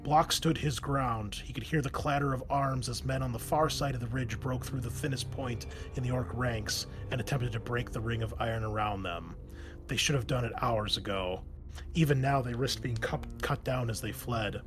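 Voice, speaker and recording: A man narrating a fantasy war story in a steady, measured storytelling manner, over faint music. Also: mid-range voice.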